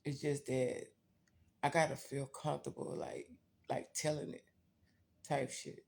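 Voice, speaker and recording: A woman's voice: deep voice, flat delivery, measured pace, vocal fry, darkish tone. A woman vlogger telling a personal story in a blunt, profane, candid way, talking straight to her viewers.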